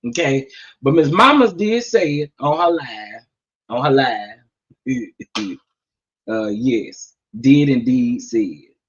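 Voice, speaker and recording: A man doing casual gossip commentary, sassy and animated, talking straight to his viewers. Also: medium pitch, slow, muffled recording. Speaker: commentary vlogger.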